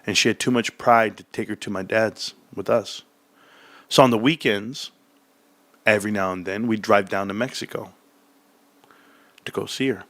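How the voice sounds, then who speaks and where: A man's voice: moderate pace, pauses often, dry recording. A man telling a childhood story in casual chat, laughing often and acting out voices. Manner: animated, acts out childhood voices in a high excited pitch.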